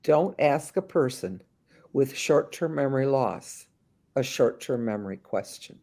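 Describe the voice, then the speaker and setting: Animated storytelling woman consultant. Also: a bass voice, a little slow. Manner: animated storyteller, slips into voices of the people she describes; frequent restarts and thinking aloud. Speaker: memory care consultant, guest. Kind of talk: interview answers with acted-out anecdotes.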